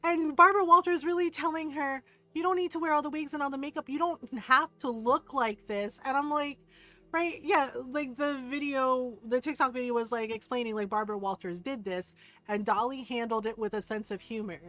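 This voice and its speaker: High-voiced woman streamer, chatty and animated. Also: brisk, low-quality recording. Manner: animated storyteller, swears freely, laughs often, mimics relatives. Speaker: game streamer. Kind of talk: casual chat while gaming.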